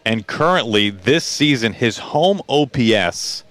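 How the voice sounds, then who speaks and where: A man's voice: medium pitch, expressive, a little slow, fairly bright tone, no room sound. A man hosting a pregame radio show, chatty and playful and full of stats. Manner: chatty, stat-heavy, playful. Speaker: radio sports host. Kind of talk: pregame sports talk.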